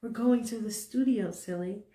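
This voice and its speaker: A woman doing a soft-spoken male pop star. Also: a little slow. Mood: mild. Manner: quiet, low-key and mild.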